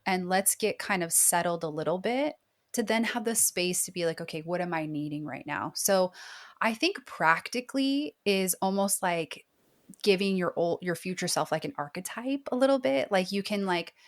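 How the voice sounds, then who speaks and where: A woman's voice: mid-range voice, lively intonation, normal speed. A woman in her thirties, a therapist guest on a podcast interview, talking in an earnest, reflective way, full of "like.". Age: 30s. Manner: earnest, reflective, heavy use of "like".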